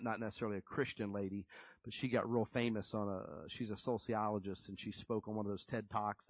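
A man's voice: mid-range voice, no room sound, poor audio. A middle-aged man preaching a sermon in a conversational, emphatic storytelling way.

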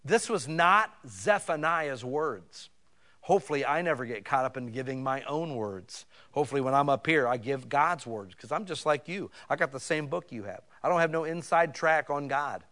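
A male pastor preaching a sermon in a folksy, conversational way, building to loud emphasis on scripture. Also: fairly high pitch, moderate pace.

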